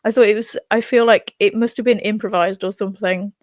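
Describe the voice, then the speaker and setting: A woman co-hosting a podcast in casual chat, animated and playful when she retells scenes. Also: mid-range voice, a little fast, no echo. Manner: animated, acts out lines in playful voices. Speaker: podcast co-host.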